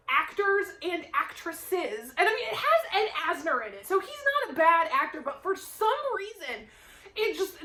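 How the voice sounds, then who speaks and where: A woman book vlogger chatting casually, rambling into animated stories and laughing often. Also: high voice, roomy sound, rough recording. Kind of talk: casual chat.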